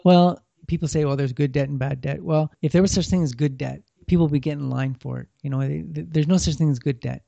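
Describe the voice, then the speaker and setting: Man, finance guest, gravelly and very dark, slightly raised pitch, dull lo-fi audio. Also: steady tone, fast, hardly any pauses, no echo. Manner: plainspoken, repeats words while thinking. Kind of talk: casual advice talk. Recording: dull lo-fi sound.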